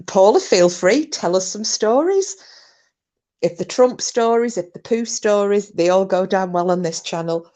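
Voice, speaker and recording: A woman's voice: on the low side, darkish tone. A British woman hosting a casual livestream, telling rambling stories and breaking into giggles while reading out comments. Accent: British English. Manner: giggly, rambling storyteller who breaks into laughter. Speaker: livestream host.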